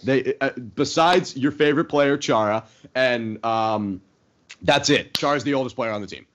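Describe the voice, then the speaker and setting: A man's voice: mid-range voice, normal speed, fairly bright tone. A young man co-hosting a sports podcast, rambling confidently about his team with casual fillers. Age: young adult. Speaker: podcast co-host. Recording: dull lo-fi podcast audio.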